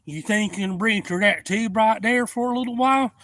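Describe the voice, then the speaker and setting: A man's voice: high-pitched, a little fast, fairly bright tone, no room sound, studio quality, pitched above the performer's own voice. A man doing an unbothered hunting buddy. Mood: easygoing. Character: laid-back male hunting buddy, unbothered.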